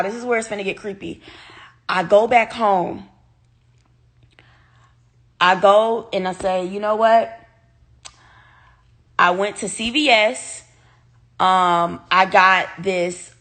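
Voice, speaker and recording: A young woman speaking tells her viewers a personal story. She is animated and swears freely, talking straight to her audience in a casual storytime vlog. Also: medium pitch. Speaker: vlogger.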